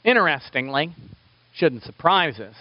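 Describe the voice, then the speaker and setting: A man's voice: fairly high pitch, sing-song, unhurried, dry recording. A man preaching a sermon as a pastor, asking his listeners rhetorical questions. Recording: dull lo-fi dry recording.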